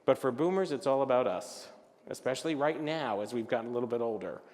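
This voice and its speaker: An older man giving a lively, humorous talk at a luncheon, acting out the people in his stories. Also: mid-range voice, quick pace. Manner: animated, acts out voices of others in his stories. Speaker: luncheon speaker. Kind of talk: comic storytelling talk. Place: event hall. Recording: reverberant hall.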